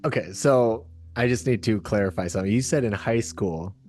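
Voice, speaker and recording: A man's voice: fairly low pitch, a little fast, darkish tone. A young man hosting a faith-based podcast interview, talking in an earnest, encouraging way. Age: young adult. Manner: earnest, encouraging, preacher-like intro. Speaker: podcast host.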